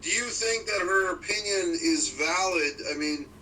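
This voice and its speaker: A man's voice: high voice, a little slow, sharp tone. A man co-hosting a casual sports chat, asking rambling questions with lots of fillers. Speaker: podcast co-host. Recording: distant mic with faint room noise.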